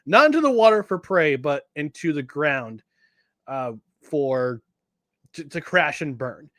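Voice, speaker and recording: A man co-hosting a sports podcast in casual chat, animated and jokey, often restarting his sentences. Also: on the high side, unhurried, dry recording. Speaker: podcast co-host.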